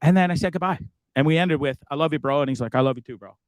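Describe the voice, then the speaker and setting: A Canadian man live-streams from inside a bus, his slightly high voice coming rapid-fire with no room sound. His casual monologue is rambling and remorseful, full of swearing and stammered restarts.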